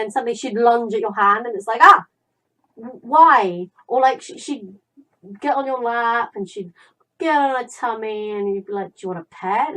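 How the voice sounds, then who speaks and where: A young woman playing a visual novel, reading its text aloud and breaking off into chatty, animated stories. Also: medium pitch, low-quality recording. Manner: chatty, dramatic, animated storyteller. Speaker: gaming YouTuber.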